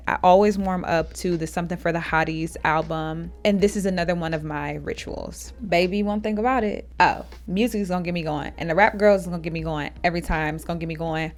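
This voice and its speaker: A woman's voice: lowish voice, fairly quick, faint music behind. A young woman vlogging in a casual, candid way, talking through her day and her feelings. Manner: chatty and candid, drifting into teary, laughing asides. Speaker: lifestyle vlogger. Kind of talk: casual voiceover and on-camera vlog.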